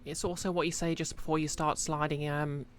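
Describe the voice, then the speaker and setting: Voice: mid-range voice, flat delivery, a little fast, a little hiss or hum. A streamer, chatting casually to viewers while playing, rambling with many fillers. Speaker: game streamer.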